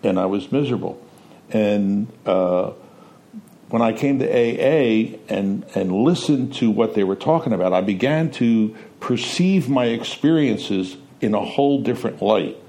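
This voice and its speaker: A man's voice: fairly low pitch, animated, unhurried, mellow. A man candidly reflecting on his own recovery, growing emphatic at points. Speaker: panelist. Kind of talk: personal testimony in a talk show.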